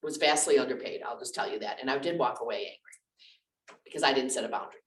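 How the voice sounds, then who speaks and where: A woman's voice: a bass voice, quick pace, a little hiss or hum. A woman minister giving a conversational lecture full of personal stories, candid and chatty with lots of restarts and asides. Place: church lecture room. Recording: echoey room, distant mic.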